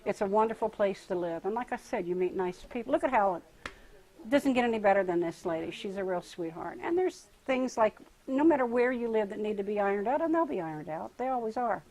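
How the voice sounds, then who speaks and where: A woman's voice: medium pitch, animated, a little fast, darkish tone, poor audio. An older woman telling her life story in a casual interview, laughing often and acting out the voices of people she quotes. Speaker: interviewee, retreat participant.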